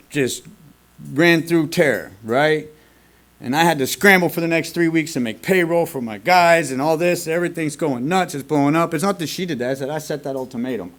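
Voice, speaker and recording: A man speaking at a recovery meeting, telling his own story in a candid, plain-spoken and earnest way, with some casual swearing. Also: fairly high pitch. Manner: earnest and confessional. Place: meeting room at a school.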